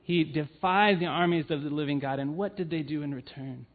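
Talking fairly quickly with a fairly high pitch, a man gives a sermon full of earnest personal stories and frequent "um"s. He is his church's family ministry leader, and the recording is tinny and phone-like.

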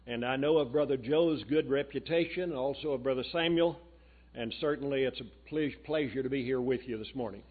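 A man's voice: mid-range voice, a little fast, slightly rough. A man giving a sermon as a guest preacher, telling a story in a folksy way and reading quotations aloud. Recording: tinny phone-like recording.

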